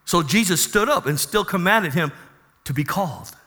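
A man's voice: high voice, lively intonation, moderate pace, pushed and bright, in a large hall. A man preaching a sermon to his congregation, calling for amens and acting out Bible figures. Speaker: pastor. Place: church.

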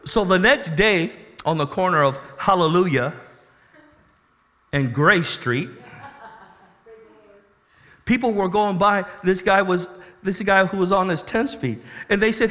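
A man preaching a sermon as a pastor, animated and questioning the congregation. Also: high voice, a little slow, pauses often. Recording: reverberant hall.

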